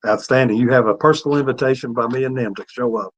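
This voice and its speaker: A man's voice: mid-range voice, fast talker, muffled recording. A man chatting as a guest in a casual interview, rambling and hesitant.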